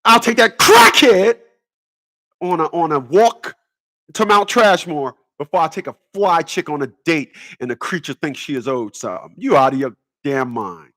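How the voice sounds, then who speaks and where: A man's voice: on the high side, normal speed, fairly bright tone. A man ranting in a rambling comedic monologue, stammering and repeating words as he goes. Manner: stammers and repeats words, laughs at own jokes. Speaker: vlogger.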